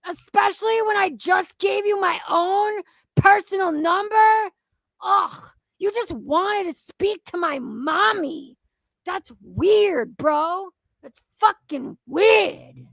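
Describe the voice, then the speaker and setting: High-voiced woman ranting, slow and deliberate. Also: fairly bright tone, no room sound. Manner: profane, exasperated, mocking. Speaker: commentary channel host. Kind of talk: ranting reaction commentary.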